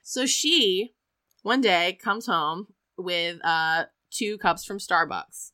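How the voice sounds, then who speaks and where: Bright-voiced woman telling a wild story. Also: on the low side, slow pace. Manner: animated, acts out quoted characters, lots of "like". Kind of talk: casual chat.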